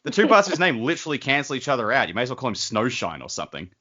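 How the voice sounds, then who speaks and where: Bright-voiced man, casual book chat. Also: medium pitch, big pitch swings, rapid-fire. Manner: rambling, restarts often, joking asides. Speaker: podcast co-host. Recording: dull lo-fi audio.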